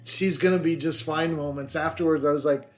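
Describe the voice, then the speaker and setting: A middle-aged man chats casually as a podcast guest, spinning long family anecdotes. His voice sits a little high for a man. He wanders and restarts, poking fun at himself as he goes. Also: fairly even intonation, brisk. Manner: rambling, self-deprecating, with many restarts. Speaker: podcast guest, the host's father. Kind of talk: casual storytelling chat.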